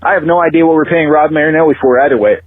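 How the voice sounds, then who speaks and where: A man's voice: a little high, rapid-fire, slight background noise. A man calling in to a fan podcast, giving a blunt, profane and emphatic rundown of his team's game. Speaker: phone-in caller. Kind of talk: phoned-in fan rant. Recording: tinny phone line.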